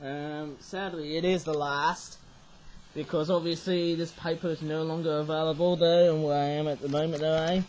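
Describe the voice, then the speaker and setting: High-voiced man rambling over toys. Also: flat delivery, moderate pace, a little mellow, slight background noise, rough recording. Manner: rambling, often tags sentences with "eh?". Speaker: toy reviewer. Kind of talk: casual show-and-tell vlog.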